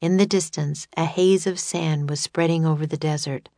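A woman narrating a children's chapter book in a steady, expressive reading. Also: low-pitched, moderate pace, no room sound. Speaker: audiobook narrator. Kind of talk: scripted storybook narration.

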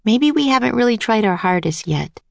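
A woman voicing an eager, kind-hearted young girl in a storybook reading, bright and pleading. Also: fairly high pitch, expressive, a little fast, creaky, no room sound, voice pushed up.

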